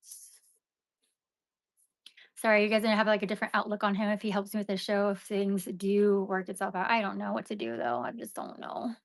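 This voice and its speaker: A woman's voice: mid-range voice, steady tone, brisk, creaky, pauses often, no room sound. A young woman chatting casually and venting to her live-stream viewers, with "like" and "you know" running through her talk. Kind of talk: casual rambling chat to viewers.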